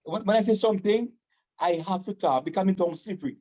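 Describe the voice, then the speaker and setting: A man with a Vincentian accent, from Saint Vincent, chatting casually as a guest, animated, proud and fast-talking. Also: high voice, highs cut off. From Saint Vincent and the Grenadines. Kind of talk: casual chat.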